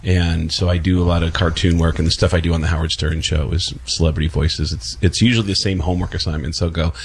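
A man from the Bronx, a comedian and guest on a talk show, telling quick stories and slipping into voices. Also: sits low, steady tone, a little hiss or hum. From the Bronx, New York. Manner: fast storyteller, jumps into voices.

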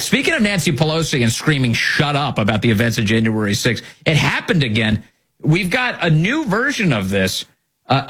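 A man's voice: medium pitch, fairly bright tone, slightly rough. A man hosting political commentary, reading emails and news with a sarcastic, mocking manner.

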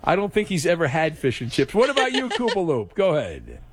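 A man's voice: a little high, huge pitch swings, a little fast, breathy edge, dry recording. A man hosting a sports talk radio show, teasing his callers and running playful games.

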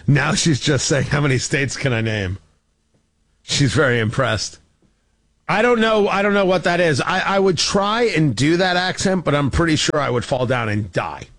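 A man's voice: on the high side, moderate pace, a bit bright. A man hosting a political talk show, delivering sarcastic, opinionated commentary with frequent restarts. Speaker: radio talk show host.

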